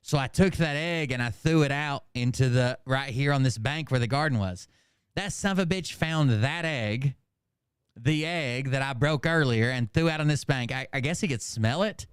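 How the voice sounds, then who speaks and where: A man's voice: medium pitch, normal speed, clear, resonant tone, no room sound. Middle-aged man, casual profane storyteller, clean resonant voice, dry close sound. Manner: animated, profane, laughs at his own stories. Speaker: host.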